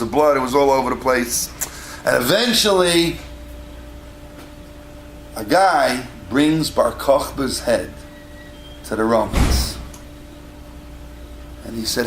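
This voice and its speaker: A man giving a storytelling lecture as a rabbi, animated and acting out the voices in his tale, recorded in a synagogue hall. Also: medium pitch, a little hiss or hum. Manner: animated, acts out quoted voices. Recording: echoey hall with faint ambience.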